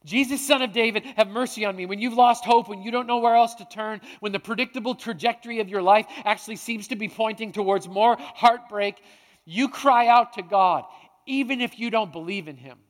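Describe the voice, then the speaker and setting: High-voiced preacher in a reverberant hall. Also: male voice, moderate pace. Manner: dramatic, swings between hushed and loud. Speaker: pastor. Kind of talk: sermon.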